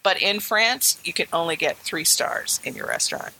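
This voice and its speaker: A woman's voice: lowish voice, huge pitch swings, normal speed, gravelly, pushed and bright, poor audio. A woman co-hosting a casual podcast about a movie, chatty and enthusiastic, often repeating herself. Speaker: podcast co-host.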